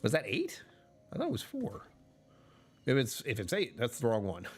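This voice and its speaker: A man's voice: medium pitch, huge pitch swings, normal speed, slightly rough, soft background music. A man chatting casually on a livestream, rambling and correcting himself, often laughing mid-sentence.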